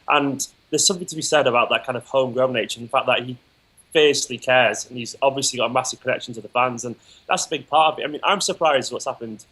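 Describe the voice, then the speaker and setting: Guest, man, rapid-fire opinions, mid-pitched, eager football talk. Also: pushed and bright, slightly rough, poor audio. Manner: quick, enthusiastic, opinionated. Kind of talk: casual football chat.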